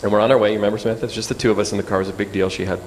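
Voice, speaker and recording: A man in his forties, a guest speaker, telling an animated personal story in a sermon. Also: fairly low pitch, rapid-fire. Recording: echoey hall with faint hum.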